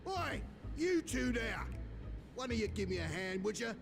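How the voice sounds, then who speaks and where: An actor voicing a gruff, frazzled craftsman in a game, brusque and slangy. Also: very high-pitched, sing-song, normal speed, heavily acted. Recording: game audio with music.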